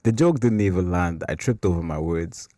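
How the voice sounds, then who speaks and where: A man with a very low voice hosts a faith podcast in a relaxed, wandering way. He leans on "like" a lot and laughs at his own slips. The sound is close and dry. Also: moderate pace, no room sound. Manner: rambling and self-mocking, with filler "like". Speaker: podcast host. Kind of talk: casual faith talk.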